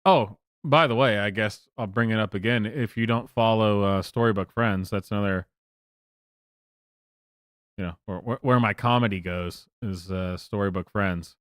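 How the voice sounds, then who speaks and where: A man's voice: fairly low pitch, normal speed, a bit bright, no echo, studio quality. A man streaming live, rambling through profane commentary with many fillers and restarts. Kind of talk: casual livestream commentary.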